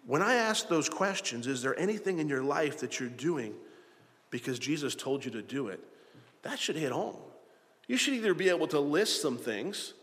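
A man's voice: a little high, very animated, normal speed, fairly bright tone. A man preaching a sermon as pastor, earnest and plain-spoken, often repeating his phrases and acting out quoted voices. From South Florida. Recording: hall reverb.

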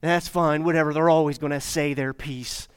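A man preaches to his congregation in a smooth voice that's a little high, keeping a steady tone and moderate pace. As their pastor, he speaks straight to them, repeating phrases and raising rhetorical questions.

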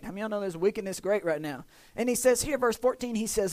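A man preaching a folksy sermon as a pastor in church, reading scripture slowly and loudly and asking the congregation questions. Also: high voice, no echo.

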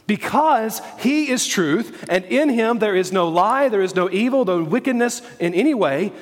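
High-voiced pastor guy preaching a sermon, punchy and repetitive, big echoey church hall. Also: expressive, moderate pace. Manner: emphatic preaching, repeats key phrases, asks the congregation questions.

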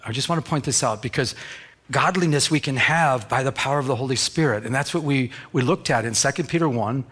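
A man preaching a sermon, telling stories with lively acted-out bits and sound effects, and dropping to a softer, lower voice in quiet passages. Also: brisk, husky. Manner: animated storytelling, acting out scenes with sound effects. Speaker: pastor.

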